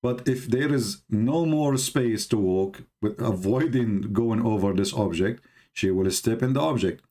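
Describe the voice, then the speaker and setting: In broken English, a Middle Eastern host whose first language is Arabic pokes fun at a video during his religious debate live stream, using rhetorical questions as sarcastic commentary. He speaks a little slowly, with a warm, lowish voice.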